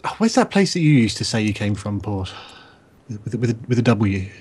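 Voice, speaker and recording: A man's voice: lowish voice, sing-song, fairly quick, a little mellow, husky. A man co-hosting a casual podcast, making dry quips and reading listener questions. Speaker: podcast co-host.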